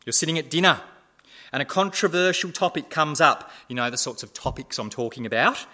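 A man preaching a sermon, asking repeated rhetorical questions and swinging between loud emphasis and hushed asides. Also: a little high, expressive, brisk.

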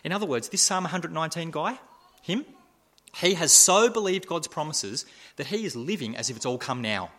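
Bright, emphatic male preacher. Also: on the high side, expressive, moderate pace. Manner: emphatic, swings between loud and hushed; repeats rhetorical questions. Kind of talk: sermon.

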